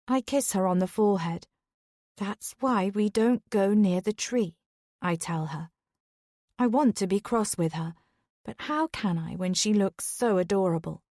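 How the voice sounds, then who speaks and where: Measured woman narrating an audiobook. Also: mid-range voice, dry recording, clean studio sound. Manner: even, measured storytelling. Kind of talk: scripted first-person narration.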